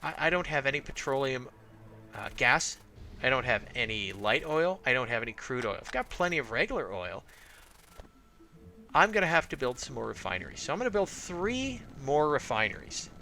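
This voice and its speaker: A man from Arizona does laid-back let's-play commentary, rambling and thinking out loud with plenty of fillers. His medium-pitched voice swings widely and sounds sharp, moving at a moderate pace over slight background noise.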